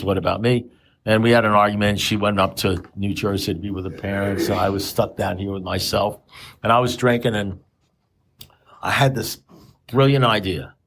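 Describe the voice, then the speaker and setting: A man's voice: fairly low pitch, fairly bright tone, a little hiss or hum. A man telling his story at a recovery meeting, rambling and self-mocking with dry humor. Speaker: AA speaker sharing his story.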